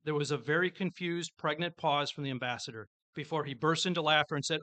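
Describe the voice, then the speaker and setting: A man delivers a formal public address as mayor, with a few stumbles along the way. His voice sits a bit high and bright, and it is recorded close and dry. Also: steady tone, fast, no echo. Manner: formal prepared speech with small slips, storytelling. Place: public event with an audience.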